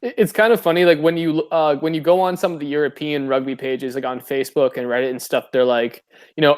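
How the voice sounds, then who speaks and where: A young man chatting on a podcast who tells stories with a joking, laughing manner. His voice sits a bit high for a man. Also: a little fast, clear, resonant tone. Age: young adult. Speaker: podcast co-host. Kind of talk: casual chat.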